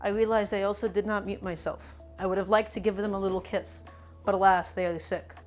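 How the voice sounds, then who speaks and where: Faint music plays behind this woman as she cooks live for her viewers, hamming up minor gripes in a playful, mock-dramatic way. Her mid-range voice is a little mellow and fairly even, and she talks fairly quickly.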